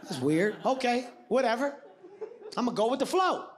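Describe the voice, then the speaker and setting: Animated male stand-up comic, roaring crowd. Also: extremely high pitch, moderate pace, slight background noise. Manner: animated storytelling, shouting bits. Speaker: stand-up comedian. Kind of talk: stand-up set. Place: theater stage with audience. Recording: stage mic with loud audience laughter.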